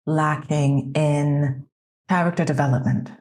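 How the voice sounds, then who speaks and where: A woman co-hosting a podcast, adding her thoughts on a film in a measured, thoughtful way. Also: low-pitched, steady tone, a little mellow. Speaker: podcast co-host. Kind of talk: casual film review chat.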